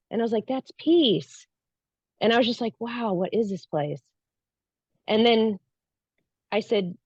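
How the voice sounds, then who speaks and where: A woman guest recounts a spiritual experience, telling her personal story earnestly but casually and acting out the things she said back then. Her voice is medium-pitched and a little mellow, with no echo. The recording is dull, lo-fi, and dry.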